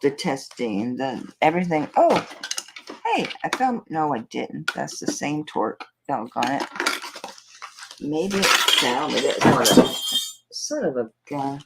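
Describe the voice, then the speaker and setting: Heavy background noise surrounds this woman's low, sing-song voice, delivered at a measured pace. With a Southern US accent and roots in Tampa, Florida, USA, she hosts a live jewelry sale, casually chatting in live-stream selling mode and rambling to herself as she goes through her table.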